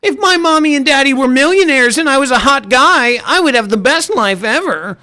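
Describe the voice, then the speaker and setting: A man's voice: extremely high pitch, expressive, normal speed, sharp tone, pitched above the performer's own voice, heavily acted. A man mocking a whiny spoiled rich-wannabe. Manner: whining, self-pitying. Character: whiny spoiled young man craving riches.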